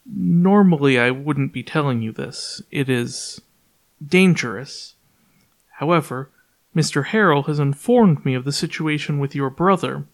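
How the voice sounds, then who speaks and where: A man voicing a calm, mysterious male stranger who speaks quietly and gravely. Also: on the high side, measured pace.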